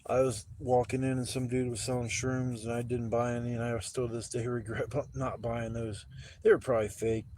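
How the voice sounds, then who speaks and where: A man's voice: medium pitch, flat delivery, fairly quick, a little mellow, slight background noise. A man in his forties telling rambling stories on a casual livestream, laid-back and profane, acting out the voices of people in his stories. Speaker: livestream host. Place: outdoors at a campsite.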